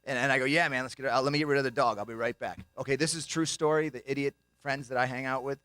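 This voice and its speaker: A man's voice: mid-range voice, fairly even intonation, quick pace, a bit bright, no room sound. A young man doing a comedy routine as a banquet speaker, telling jokey stories and acting out the voices of people in them. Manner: jokey storytelling, acts out quoted voices. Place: banquet hall.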